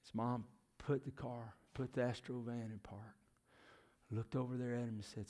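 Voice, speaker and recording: A man's voice: mid-range voice, steady tone, normal speed, warm tone. A middle-aged man preaching a sermon. He questions the congregation and often drops to a near whisper. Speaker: preacher, former youth minister and missionary.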